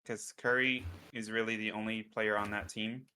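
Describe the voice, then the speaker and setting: Male co-host, very bright and sharp tone, casual joking sports talk. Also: fairly low pitch, flat delivery, moderate pace, a little hiss or hum. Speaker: podcast co-host.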